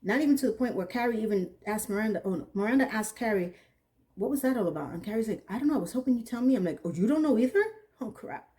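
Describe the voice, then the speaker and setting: A woman giving a casual, animated TV episode recap, often acting out what she thought in an incredulous tone. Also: medium pitch, rapid-fire. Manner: animated, incredulous, acts out characters' lines. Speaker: TV recap reviewer.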